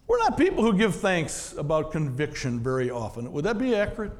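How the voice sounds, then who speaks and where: A man's voice: a little high, wildly swooping pitch, brisk, few pauses, big-room sound. A man, a pastor, preaching a sermon in a conversational way, often asking the congregation questions.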